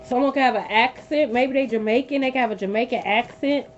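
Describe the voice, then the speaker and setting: A woman's voice: fairly high pitch, fairly quick. A woman giving a live tarot reading from her bed, blunt and profane, repeating her points for emphasis. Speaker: tarot reader. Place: sitting on a bed at home. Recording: dull lo-fi audio with faint hum.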